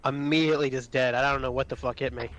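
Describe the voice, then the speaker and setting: A man's voice: medium pitch, steady tone, fast talker, a crowd in the background. A man chatting casually with a teammate while playing, telling a rambling story full of profanity. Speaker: squad teammate.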